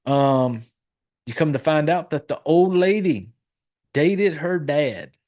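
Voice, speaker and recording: Casual, profane podcast host recapping a film. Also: male voice, on the high side, animated, takes it slowly, a little mellow. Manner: loose, profane, rambling with fillers and self-corrections.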